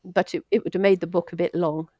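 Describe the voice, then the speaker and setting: A woman's voice: fairly low pitch, steady tone, fast, warm tone, no room sound. Chatty older woman, laughing often. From Wales. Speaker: doctor, guest. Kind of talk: casual storytelling interview.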